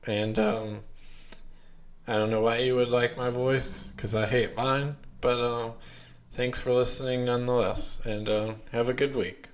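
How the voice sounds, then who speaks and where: A man's voice: mid-range voice, steady tone, a little slow. A man hosting a podcast in casual chat, hesitant and full of ums and uhs. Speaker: podcast host.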